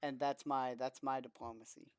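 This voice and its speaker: A man's voice: medium pitch, level tone, normal speed, noisy background. A man playing at a tabletop game, brash and profane. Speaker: player. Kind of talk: casual chat at a game table.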